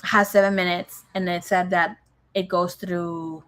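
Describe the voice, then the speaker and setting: A woman's voice: on the low side, flat delivery, a little slow, fairly bright tone. A young woman giving a casual tarot reading, chatty and swearing freely, with Spanish phrases dropped into her talk. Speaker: tarot reader.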